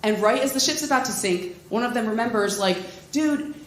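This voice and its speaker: A woman comedian performing a stand-up set on a club stage, with deadpan delivery and quick asides. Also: fairly high pitch. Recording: roomy club sound with loud laughter. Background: audience laughter.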